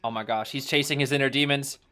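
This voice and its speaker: A man casually co-watching an esports final, reacting excitedly and often saying "bro". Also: mid-range voice, fast. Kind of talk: casual live watch-along commentary.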